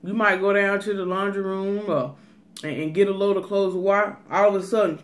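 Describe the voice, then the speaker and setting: A woman's voice: mid-range voice, steady tone, normal speed, a little hiss or hum. Woman giving emphatic casual advice. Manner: emphatic, advice-giving, repeats "let me tell you". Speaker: cooking and mukbang vlogger. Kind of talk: casual chat.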